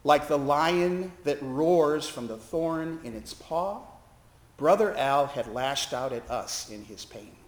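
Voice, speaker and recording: This pastor's voice sits a little high, and he takes his time as he preaches in a roomy-sounding sanctuary. His sermon includes a hospital story, which he brings to life by performing each quoted voice.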